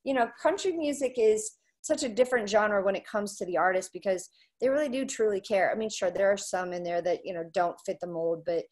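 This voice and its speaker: She talks a little fast with hardly any pauses, her voice mid-range, as a country music radio personality trading anecdotes in casual chat. Her storytelling is lively, complete with acted-out voices for those she quotes.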